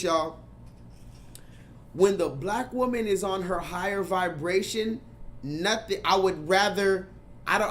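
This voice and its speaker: A man's voice: sits high, slight background noise. A man hosting a casual livestream, talking emphatically to his chat, repeating himself and swearing freely. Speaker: livestream host.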